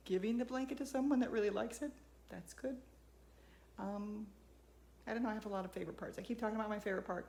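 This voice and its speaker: A woman's voice: mid-range voice, quick pace, long pauses, mellow, roomy sound, a little hiss or hum. A woman hosting a casual sewing tutorial at home, chatting to her dog as she works. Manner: chatty, talks to her dog while working. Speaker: sewing channel host.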